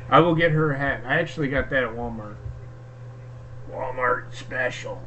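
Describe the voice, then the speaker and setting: A man co-hosting a casual podcast, talking in a profane, excitable, rambling way. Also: mid-range voice, moderate pace, lo-fi sound, a little hiss or hum. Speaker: podcast co-host. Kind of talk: casual chat.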